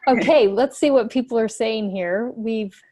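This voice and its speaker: A woman's voice: on the high side, unhurried, warm tone. A woman hosting a webinar, chatting casually and enthusiastically. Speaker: webinar host.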